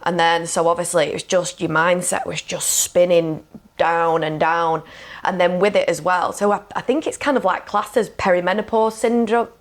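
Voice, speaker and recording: Frank woman with a lower voice. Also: steady tone, normal speed. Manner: frank and emotional, with frequent "like" and "you know". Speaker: podcast guest, coach. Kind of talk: candid conversational storytelling.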